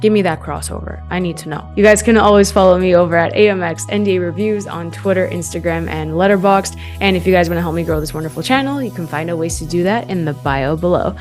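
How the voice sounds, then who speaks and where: A young woman talks straight to her viewers as she reviews a horror film. Her voice sits a little low for a woman, and she speaks casually and with enthusiasm. She drops plenty of casual fillers as she goes. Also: fast talker, few pauses, a little mellow, soft background music. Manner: chatty and enthusiastic, frequent "like" fillers. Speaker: film reviewer, channel host. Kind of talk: casual to-camera movie review.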